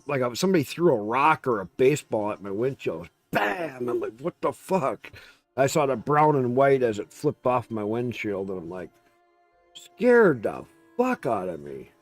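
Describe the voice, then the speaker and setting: A man chats casually on a game livestream, telling a story with animated energy and plenty of swearing. His voice sits in the middle of the male range. The mic is close and dry, with faint game music behind him. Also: medium pitch, normal speed, few pauses, no room sound. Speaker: streamer.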